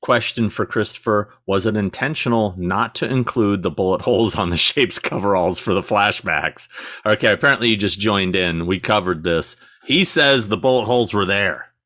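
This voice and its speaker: Deep-voiced man reading viewer questions. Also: normal speed, pushed and bright. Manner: reads out viewer comments, brief dry asides. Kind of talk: casual live chat.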